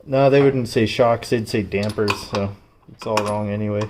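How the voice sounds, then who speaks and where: A man's voice: mid-range voice, moderate pace, a little mellow, a little hiss or hum. Chatty man narrating his own repair work. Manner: chatty, joking, strained while reaching. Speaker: DIY car vlogger. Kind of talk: casual how-to commentary while working. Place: working on a truck's rear suspension.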